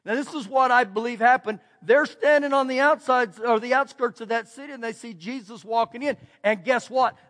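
High-voiced Texan preacher in a reverberant hall. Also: male voice, a little fast, hardly any pauses. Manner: preaching with emphatic repetition and shifts between loud and quiet. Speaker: pastor. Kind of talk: sermon. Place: church sanctuary. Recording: church hall with long reverb.

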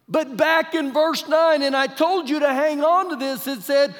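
High-voiced male preacher in an echoing sanctuary. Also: normal speed, few pauses, fairly bright tone. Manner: emphatic preaching with rhetorical questions to the congregation; humorous paraphrasing of scripture. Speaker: pastor. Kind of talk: sermon. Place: church sanctuary during a live service. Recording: live church recording with long hall reverb.

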